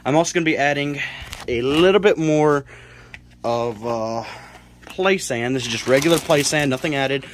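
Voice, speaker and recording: A man's voice: mid-range voice, normal speed, a little hiss or hum. A young man from South Carolina, rambling through a casual home-build tutorial in his cluttered bedroom, full of fillers and self-corrections, a bit out of breath. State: slightly out of breath. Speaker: reptile keeper vlogger.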